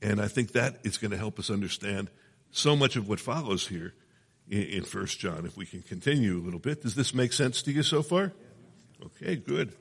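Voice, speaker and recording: A man's voice: lowish voice, lively intonation, moderate pace, gravelly, breathy edge, long reverb tail. A man preaching a sermon in a conversational teaching manner, often checking in with his listeners. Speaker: pastor.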